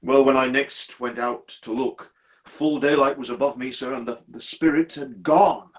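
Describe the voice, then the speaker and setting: Guy playing a shaken old-style signalman, stumbling, hushed, keeps saying sir, middle pitch. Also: steady tone, close to an everyday voice. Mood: grieving, hushed. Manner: deferential, halting, repeats "sir" constantly. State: distressed and troubled. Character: haunted, anxious middle-aged male railway signalman. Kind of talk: performed storytelling.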